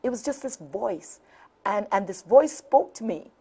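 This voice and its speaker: A woman's voice: mid-range voice, a little slow, breathy edge. A middle-aged woman hosting a nighttime call-in talk show, telling a funny personal story and laughing often. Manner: animated storyteller, laughs often, repeats phone numbers.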